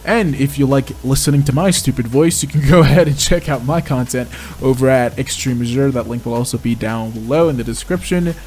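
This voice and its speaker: A man's voice: medium pitch, fairly quick, hardly any pauses, a little mellow, a little hiss or hum. A man giving chatty gameplay commentary as a game reviewer, exclaiming often and laughing at his own mistakes. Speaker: game reviewer and channel host.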